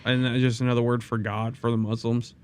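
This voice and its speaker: Male podcast host, profane and jokey, mid pitch, faint room noise. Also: level tone, fairly quick, darkish tone. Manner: crude, joking, profane. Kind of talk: casual podcast banter.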